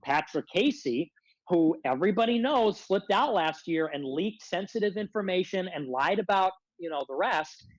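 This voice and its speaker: A man's voice: high voice, expressive, moderate pace, no echo, poor audio. A man ranting as a guest on a livestream, confrontational and self-described as a hothead, repeatedly demanding answers. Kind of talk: heated casual rant.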